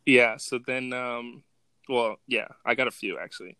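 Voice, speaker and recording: A man's voice: mid-range voice, moderate pace, sharp tone, clean tone, dry recording. A man co-hosting a casual podcast, laid-back, swearing and laughing as he recaps movie scenes. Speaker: podcast co-host. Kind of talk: casual chat.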